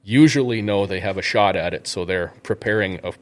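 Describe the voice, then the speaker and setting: A man's voice: low-pitched, a little fast. A man hosting an interview podcast in casual chat, rambling and thinking aloud with restarts and chuckles. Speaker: podcast host.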